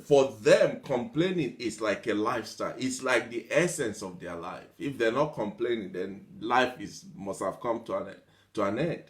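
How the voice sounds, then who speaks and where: Fairly low-pitched but lively in intonation, a motivational speaker moves along at normal speed. He rattles off long, repetitive strings of examples, mimics people who whine, and laughs softly as he shifts from point to point.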